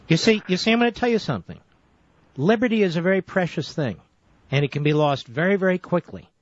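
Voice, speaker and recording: Insistent high-pitched male radio host. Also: expressive, quick pace, dry recording. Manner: lecturing, insistent, cuts the caller off. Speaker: radio talk show host. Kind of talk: combative call-in radio debate. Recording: dull, dry lo-fi radio audio.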